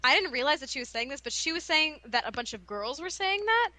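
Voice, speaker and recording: A young woman in casual conversation, laughing at her own embarrassments as she talks. Her voice sits a little high and bright. The sound is close and dry, with no room in it. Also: animated, fast talker, no echo. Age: young adult. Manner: giggly, self-deprecating storyteller. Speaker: podcast co-host. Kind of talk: casual chat.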